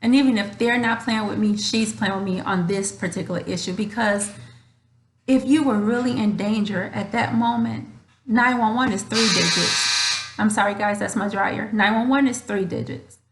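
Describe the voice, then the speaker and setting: A woman's voice: mid-range voice, moderate pace, background noise. A woman host talking to her viewers from home in an earnest, emotional way, often repeating herself. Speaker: channel host. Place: home room with a dryer running. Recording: roomy echoey room.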